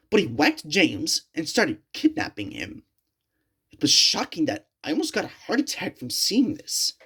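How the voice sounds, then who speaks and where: A woman reading a creepypasta story aloud in a slow, halting storytelling manner. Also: low voice, slightly rough.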